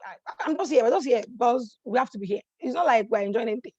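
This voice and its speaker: Woman putting on a tired resigned wife, flat, trailing off, quieter, dry sound. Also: on the high side, fast talker, husky, no room sound, muffled recording. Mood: weary. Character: weary unhappily married woman, resigned.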